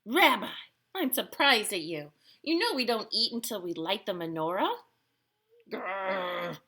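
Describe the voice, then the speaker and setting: A woman's voice: mid-range voice, big pitch swings, moderate pace, slightly rough, full character voice. A woman voicing a kindly, oblivious old grandmother who chats cheerfully to her guest in a storybook reading. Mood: gently scolding. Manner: chatty, warm-hearted, talking to her guest.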